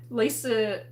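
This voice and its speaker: With a fairly high, slightly mellow voice, an Australian host chats and laughs through a casual livestream, using many fillers while responding to comments. A little hiss or hum sits under the recording.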